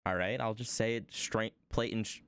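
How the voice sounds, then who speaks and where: A man's voice: fairly low pitch, steady tone, moderate pace, a bit bright, smooth, dry recording. Rambling young man with a New York accent. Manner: rambling, self-mocking, jokey asides. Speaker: streamer. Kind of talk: casual rambling chat while crafting.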